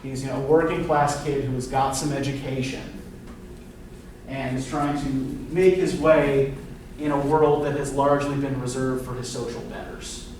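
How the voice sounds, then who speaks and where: A man's voice: mid-range voice, a little hiss or hum. A man lecturing a class on literature, talking conversationally with many fillers and tag questions. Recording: echoey classroom, mic far off.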